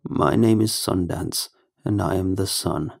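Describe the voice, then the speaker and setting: A man voicing a creepy, frail male creature who calls himself the sun, with a slow, drawn-out, croaking voice. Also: low-pitched, full character voice. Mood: eerie.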